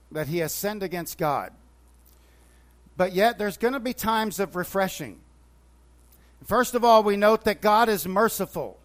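Guy with a pretty high voice doing a bible lesson, retells the stories, kinda stumbles and restarts. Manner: retells scripture with quoted dialogue, many restarts. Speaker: preacher. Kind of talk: Bible teaching.

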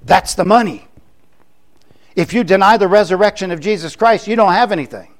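A man's voice: high voice, a little fast. An older man from Florida, preaching a sermon in a conversational way, with joking asides. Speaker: pastor.

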